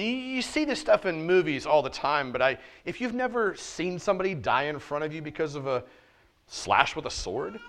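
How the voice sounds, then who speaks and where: A man pastor preaching a sermon in church, moving between loud, stressed points and quiet, low asides, with casual, joking street talk mixed into the preaching. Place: church service.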